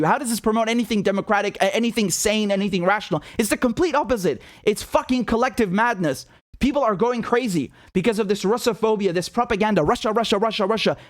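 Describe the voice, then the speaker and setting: Male host, high-pitched, furious profane rant, dry close mic. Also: no echo. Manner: angry, ranting, profane, repetitive. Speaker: political commentator host. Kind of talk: impassioned monologue.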